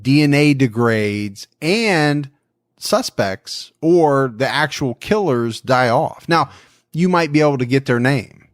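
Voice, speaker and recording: A man's voice: mid-range voice, expressive, no room sound, clean studio sound. A man co-hosting a true-crime podcast, talking through a case in a musing, conversational way. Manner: musing, conversational, quick to laugh. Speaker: podcast co-host.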